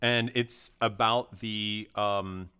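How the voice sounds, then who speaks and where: A man's voice: lowish voice, fairly even intonation, extremely slow, sharp tone, clean tone. A man co-hosting a podcast, chatting casually about movies in a rambling way, full of restarts and crude jokes. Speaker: podcast co-host.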